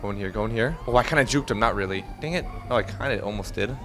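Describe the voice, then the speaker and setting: A young man playing a robber in a role-play game, giving excitable, joking commentary to himself while he drives. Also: lowish voice, fast talker. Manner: excitable, jokey, talks to himself while driving.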